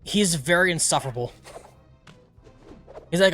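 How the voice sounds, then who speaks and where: A man's voice: a little high, animated, normal speed, a bit bright, soft background music. A man streaming a video game, rambling chattily through casual commentary. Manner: rambling, many fillers, chatty.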